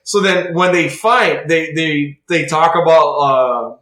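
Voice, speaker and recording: A man's voice: fairly high pitch, takes it slowly, fairly bright tone. Rambling man recapping, roomy echo. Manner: rambling comic recap, heavy use of "like". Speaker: podcast co-host. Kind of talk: casual chat.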